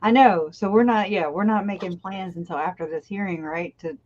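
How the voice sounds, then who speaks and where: A woman's voice: medium pitch, fairly quick, a little mellow, highs cut off. A woman hosting a casual livestream chat, talking loosely and laughing often between remarks. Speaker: channel host.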